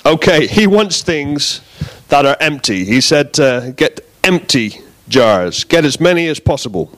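A man giving a relaxed, jokey sermon in a church, bantering with the congregation. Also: fairly high pitch, normal speed, no room sound. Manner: chatty, jokey, self-deprecating. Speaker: preacher.

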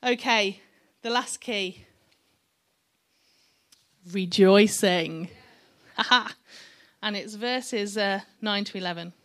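A woman's voice: mid-range voice, very slow, pauses often, a bit bright. A middle-aged woman preaching a sermon, chatty and encouraging, with joking asides to the congregation.

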